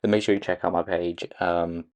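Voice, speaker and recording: A man casually breaking down a movie trailer for his channel, pausing often with "um"s and restarting his sentences. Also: low voice, little pitch movement, gravelly, a little mellow. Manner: hesitant, many "um"s and restarts. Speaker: video creator analysing a movie trailer. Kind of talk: casual commentary.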